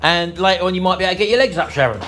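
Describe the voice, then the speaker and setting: Middle-aged man, home cooking vlog host, enthusiastic and folksy, higher-pitched, faint backing music. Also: very fast, sharp tone. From England. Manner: chatty, enthusiastic, keeps addressing viewers as folks. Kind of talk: casual cooking vlog chat. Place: home kitchen.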